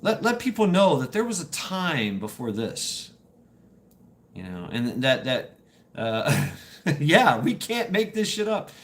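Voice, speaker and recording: A man telling stories on his livestream rambles loosely to chat, laughing and swearing throughout. His slightly high voice has a sing-song lilt and a fairly bright tone, delivered at a slow pace.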